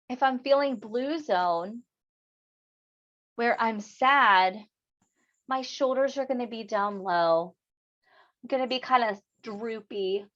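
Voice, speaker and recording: A woman's voice: on the high side, a bit bright, highs cut off. A woman teacher giving a lesson on emotions, acting out feelings expressively for her students.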